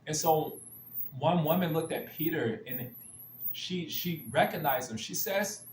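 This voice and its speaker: A man's voice: fairly high pitch, normal speed, a little hiss or hum. A man giving an earnest spiritual talk built around Bible stories, often restarting his sentences and repeating stock phrases. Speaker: spiritual speaker. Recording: roomy echo, faint ambience.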